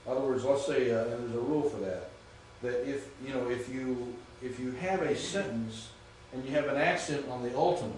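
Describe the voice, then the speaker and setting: A man's voice: mid-range voice, brisk, hardly any pauses, a little mellow. A man lectures to a class, explaining each rule step by step and stopping to quiz his students. He stands well away from the microphone in a hard, very echoey classroom. A faint hiss of room noise sits under his voice. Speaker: Greek teacher. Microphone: far from the mic. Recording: very echoey distant classroom recording.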